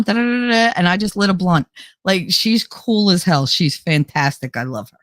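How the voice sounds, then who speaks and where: A middle-aged woman with a low-pitched voice hosts a loose livestream, chatting straight to her viewers and reading out their comments. She laughs often and swears without a second thought. Her voice is close and dry, with no room sound around it. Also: animated, moderate pace, no room sound. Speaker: livestream host.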